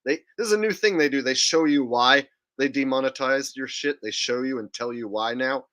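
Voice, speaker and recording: Man, live stream host, bright tense voice, digressive, profane, incredulous. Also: medium pitch, normal speed. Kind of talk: casual live-stream commentary.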